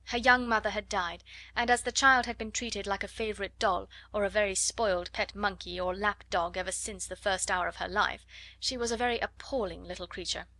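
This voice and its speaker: Woman audiobook narrator, mid-pitched, expressive storytelling, dry close sound. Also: fairly quick, no room sound. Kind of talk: scripted narration.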